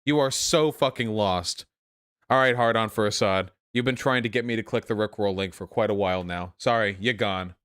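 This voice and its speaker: A young man hosting a livestream, reacting to chat with sarcastic, animated commentary full of swearing. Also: lowish voice, brisk, few pauses, smooth. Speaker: livestream host.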